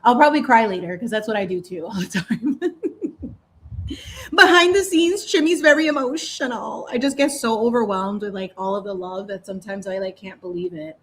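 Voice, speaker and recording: A young adult woman chats in a loose, expressive way while she paints on a live stream. She laughs often and drags out words for emphasis, moving between warm thanks to her viewers and heartfelt talk. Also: medium pitch, fairly quick. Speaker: painting livestream host. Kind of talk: casual chat while painting.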